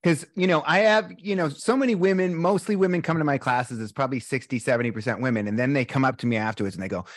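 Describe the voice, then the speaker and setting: A man's voice: mid-range voice, quick pace, few pauses, dry recording. A man, a breathwork teacher talking candidly and with animation as a podcast guest. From US East Coast, Boston. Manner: animated, candid, swears a little. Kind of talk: casual podcast conversation.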